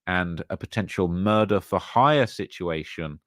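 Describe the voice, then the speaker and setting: A man's voice: low voice, unhurried, dry recording, studio quality. A man hosting his channel, giving casual commentary on news and repeating himself with fillers. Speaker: channel host.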